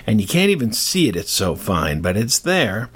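A man's voice: lowish voice, moderate pace, husky. An older man telling a myth in a casual, rambling way, often wandering into asides. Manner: rambling, digressive, animated. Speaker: storyteller. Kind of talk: casual storytelling.

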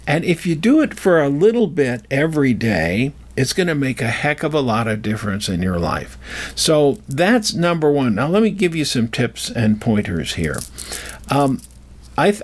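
An older man talking casually and wandering off track, often restarting his sentences as he tells a personal story and gives advice. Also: medium pitch. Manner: digressive, self-interrupting storyteller. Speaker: speaker giving life advice. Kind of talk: casual rambling monologue.

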